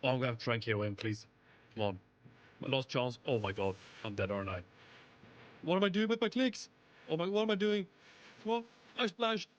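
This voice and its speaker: A young man giving live commentary on his own gameplay, excitable and pleading with the game. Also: medium pitch, a little fast, pauses often, dull audio. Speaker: gaming streamer.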